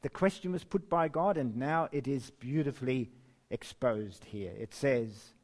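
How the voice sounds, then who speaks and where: A man preaching a sermon and reading scripture, slow and emphatic, with wide swings in pitch and loudness and the odd chuckle. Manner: chuckles now and then.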